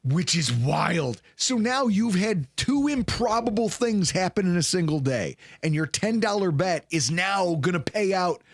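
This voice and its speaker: A man in his late twenties or thirties co-hosting a sports recap show, telling game stories with lively acted-out quotes. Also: high voice, a little slow, hardly any pauses, no echo, studio quality. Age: late 20s or 30s. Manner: animated storyteller, acts out quotes loudly. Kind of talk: casual sports talk.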